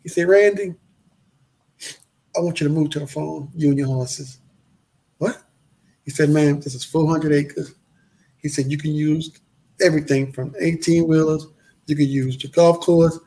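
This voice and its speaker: A man telling his life story in a casual interview, animated and acting out the voices of the people in it. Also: a little high, normal speed, pauses often. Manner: animated, acts out quoted voices, repeats phrases.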